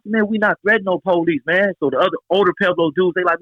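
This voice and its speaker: Man, 40s, from Los Angeles, interview guest, lively storyteller, quick talker, fairly high voice. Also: no echo, lo-fi sound. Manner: animated street storytelling, acts out quotes.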